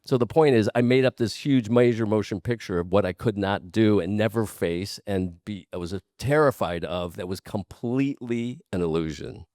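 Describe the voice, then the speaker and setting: A man's voice: on the low side, moderate pace, few pauses, darkish tone, no room sound, clean studio sound. A man speaking as a guest in a candid conversation, earnest and repeating points for emphasis, with casual swearing.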